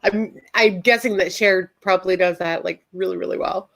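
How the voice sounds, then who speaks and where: Woman guest rambling on, gets animated and high when excited. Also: normal speed, gravelly. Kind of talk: casual chat.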